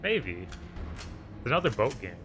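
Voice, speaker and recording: A man's voice: mid-range voice, very animated, slow pace, fairly bright tone, soft background music. A man co-playing a video game on stream, chatting casually with short, laid-back replies. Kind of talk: casual gaming stream chat.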